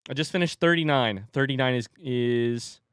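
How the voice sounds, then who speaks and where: Male streamer, casual rambling chat, reads chat aloud, smooth voice, dry close mic. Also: mid-range voice, moderate pace, no room sound. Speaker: livestreamer.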